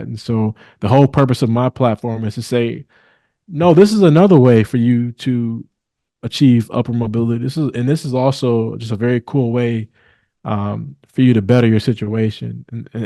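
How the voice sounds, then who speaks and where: Earnest young male guest, measured delivery with restarts, dry close sound. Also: medium pitch, vocal fry, mellow, no echo. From Milwaukee, Wisconsin. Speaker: guest, real estate attorney. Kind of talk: interview conversation.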